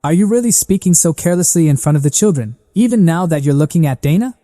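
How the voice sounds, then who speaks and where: A man reading as a gentle noble duchess. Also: a little high, animated, quick pace, big-room sound, faint music behind, voice pushed up, close to an everyday voice. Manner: gentle, gracious.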